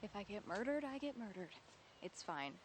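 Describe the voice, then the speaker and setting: An actress playing a young woman after a breakup who talks to her mother on the phone in a wry, halting, defensive way. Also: mid-range voice, sing-song, noisy background, close to an everyday voice. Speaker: lead character in a short film. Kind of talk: naturalistic film acting.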